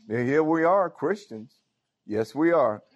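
A man's voice: a little high, expressive, unhurried, muffled recording. A pastor preaching a sermon. He talks informally and keeps calling out to his congregation. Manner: informal preaching with frequent call-outs to the congregation. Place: church.

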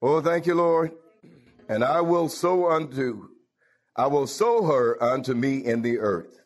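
A man's voice: mid-range voice, expressive, unhurried. A man preaching a folksy call-and-response sermon, laughing and calling out hallelujahs.

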